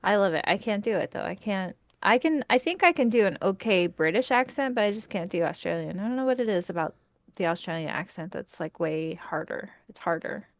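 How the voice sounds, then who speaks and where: Casual female co-host, lively and profane, dry close mic. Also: mid-range voice, brisk, no room sound. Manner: animated, laughs often, swears casually. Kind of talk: casual chat.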